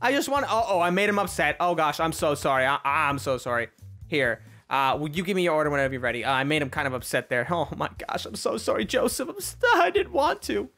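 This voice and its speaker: A woman narrates her gameplay in a playful, teasing way, her pitch leaping up and down as she reacts. Her voice is bright and sharp, and she breaks into laughs often. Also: sing-song, quick pace, faint music behind. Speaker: gaming video host.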